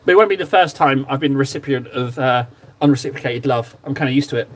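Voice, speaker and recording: A man's voice: medium pitch, fast talker. Playful man teasing his stream chat. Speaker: livestream host. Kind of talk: casual chat while painting miniatures.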